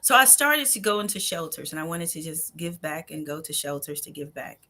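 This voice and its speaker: A woman's voice: low-pitched, a little fast, pushed and bright, slight background noise. A woman guest on a podcast, earnestly telling her personal story and sometimes dropping to a near whisper. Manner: earnest and heartfelt, drops to a near whisper at tender moments. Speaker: guest, nonprofit founder.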